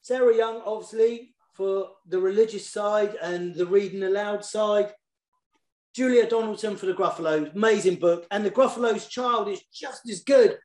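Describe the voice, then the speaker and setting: A man's voice: high voice, moderate pace. Guy chatting about his kids books, eager, restarts a lot, roomy echo. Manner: warm and enthusiastic, repeats words while searching for them. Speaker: children's poet and author. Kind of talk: casual talk in an online author session.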